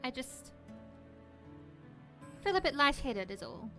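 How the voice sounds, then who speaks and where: A woman's voice: high voice, sing-song, takes it slowly, bright, forceful tone, soft background music, full character voice. Woman voicing a tired, proud young man. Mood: weary.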